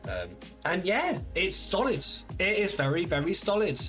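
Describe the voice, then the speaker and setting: Lively, rambling man streaming. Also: sits high, moderate pace, soft background music. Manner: rambling, playful, teasing, with filler-heavy restarts. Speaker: game streamer. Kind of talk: casual live-stream chat with viewers.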